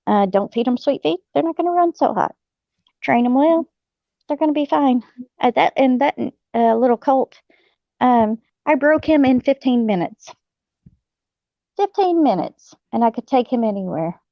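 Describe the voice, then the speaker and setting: A woman's voice: sits high, expressive, moderate pace, dry recording. A middle-aged woman, hosting a casual chat and telling folksy stories with frequent laughs and fillers. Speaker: host. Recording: dull lo-fi sound.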